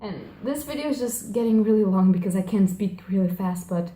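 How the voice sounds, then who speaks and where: A woman's voice: medium pitch, animated, brisk, mellow. Rambling young woman in an echoey room. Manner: rambling, gushing, self-correcting, frequent fillers. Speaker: book vlogger. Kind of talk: casual chat.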